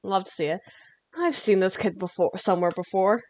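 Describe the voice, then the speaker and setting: A woman's voice: medium pitch, fairly quick, a little hiss or hum. A young woman hosting a game stream, reacting with laughs and swearing in casual commentary. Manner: giggly, swears, reacts loudly. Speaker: streamer host. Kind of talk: casual let's-play commentary.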